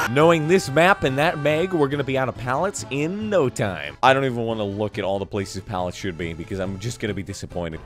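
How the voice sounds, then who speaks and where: A man hosting a gaming channel, giving sarcastic, excitable game commentary with some swearing. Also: mid-range voice, quick pace, hardly any pauses, soft background music.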